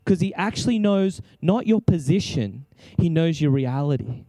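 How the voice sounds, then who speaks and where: A man's voice: on the high side, expressive, normal speed, warm tone, no room sound. A man preaching an impassioned sermon, exclaiming and acting out prayers as he speaks.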